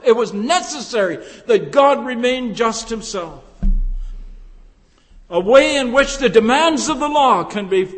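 A man with a notably high voice preaches at an unhurried, measured pace. His deliberate delivery swells into emphatic peaks. The sound rings with the long reverb of a large hall. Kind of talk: sermon.

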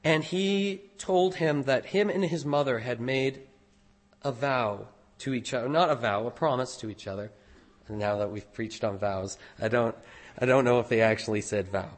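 A man, a pastor, preaching a sermon in an earnest, deliberate way, stressing key phrases. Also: mid-range voice.

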